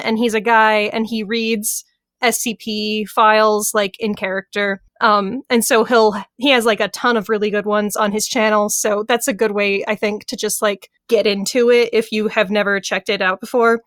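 A giggly woman with a fairly high voice explains things eagerly on a casual podcast. Her voice is close and dry, with no room sound. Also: a bit bright, dry recording. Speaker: podcast co-host. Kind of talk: casual chat.

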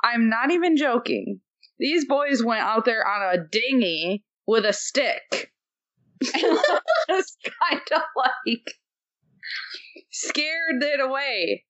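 A young woman hosting an interview, asking questions in a relaxed, friendly way. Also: on the high side, slow pace. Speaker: interviewer, host. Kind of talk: casual interview chat. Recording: dull lo-fi sound.

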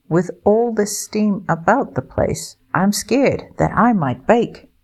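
A woman voicing a small, excitable young male kiwi bird in a read-aloud storybook, with a high, eager, wide-eyed delivery. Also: slow pace. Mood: worried.

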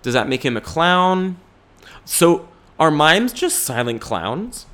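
A man's voice: on the high side, big pitch swings, slow pace, fairly bright tone. A man in his twenties hosting a podcast, rambling in goofy, profane chat and slipping into silly voices. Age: 20s. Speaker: podcast host.

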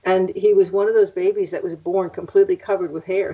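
A woman's voice: medium pitch, steady tone, fairly quick, warm tone, breathy edge. An older woman, a psychic guest, telling stories in a casual interview, chatty and laughing often. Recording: muffled lo-fi audio.

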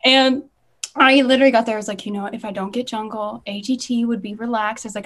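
A young woman on a podcast as a guest, a former ride skipper, chatting casually and telling stories fast and eagerly, often laughing. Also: medium pitch, steady tone, a bit bright. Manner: bubbly, quick storytelling with laughs.

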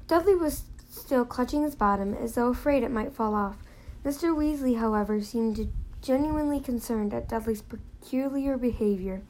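A woman's voice: fairly high pitch, mellow, rough recording. A woman reading a novel aloud in a plain manner, now and then slipping and restarting a phrase. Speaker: reader.

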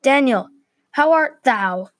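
A woman's voice: fairly high pitch, moderate pace, dry recording, clean studio sound, lightly acted. Woman playing a blunt young watchtower guard. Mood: teasing. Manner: shouted across distance.

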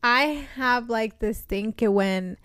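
A young woman co-hosting a podcast, telling a story with lively acted quotes and a few Spanish words mixed in. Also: fairly high pitch, slow pace, clear, resonant tone, dry recording, clean studio sound. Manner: animated storytelling, acts out quotes, code-switches into Spanish. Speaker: podcast co-host. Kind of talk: casual chat.

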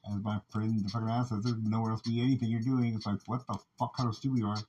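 A man's voice: fairly low pitch, level tone, rapid-fire, dark tone, slightly rough. A man delivering a rambling, agitated, profanity-filled monologue as a podcast host, talking in long runs broken by constant fillers. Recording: muffled lo-fi recording with faint background noise.

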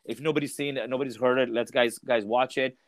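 A man's voice: mid-range voice, fairly even intonation, quick pace. Male comedian co-host, emphatic, casual podcast banter. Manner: emphatic, says "bro" a lot.

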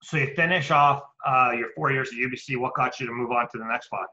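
A man hosting a casual interview, throwing in short questions and quick remarks. He talks quickly with a sharp, bright voice. The sound is a little dull and lo-fi. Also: mid-range voice, slight background noise. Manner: brief prompting questions and interjections.

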